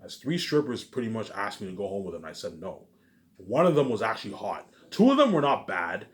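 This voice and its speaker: A man's voice: lowish voice, very animated, brisk. A man in a rambling, boastful monologue, repeating himself and tacking filler phrases onto every sentence. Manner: repetitive, keeps adding "obviously" and "you know what I'm saying"; boastful, ranting.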